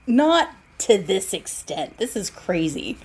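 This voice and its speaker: A woman's voice: medium pitch, very animated, slow pace, heavy background noise. A woman co-hosting a podcast, chatting casually about an old film, laughing and incredulous. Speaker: podcast co-host.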